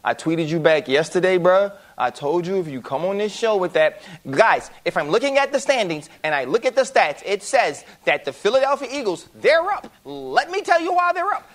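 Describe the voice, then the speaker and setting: A man's voice: high-pitched, a bit bright. A man doing an impression of a stubborn male sports radio host, repeating himself and insisting he is right. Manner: insistent, repetitive, pounding the point.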